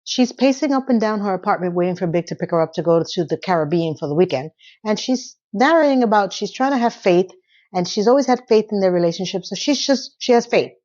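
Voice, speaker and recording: A woman giving a casual, chatty recap of a TV episode, with animated delivery and sarcastic asides. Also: medium pitch, brisk, dull audio. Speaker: TV episode reviewer.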